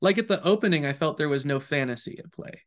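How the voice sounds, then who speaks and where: A man's voice: a little high, expressive, fast talker. A man in a casual book discussion, speaking hesitantly with fillers and trailing sentences. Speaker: podcast co-host.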